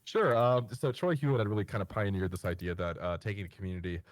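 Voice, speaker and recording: A man guest on a podcast, telling rambling stories with many fillers and bursting into animated impressions. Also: lowish voice, fast talker, no room sound. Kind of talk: casual storytelling chat.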